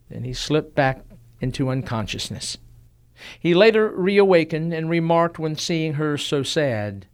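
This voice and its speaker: Male storyteller, mid pitch, solemn and measured, unhurried pauses. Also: lively intonation. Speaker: narrator. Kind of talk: historical storytelling narration.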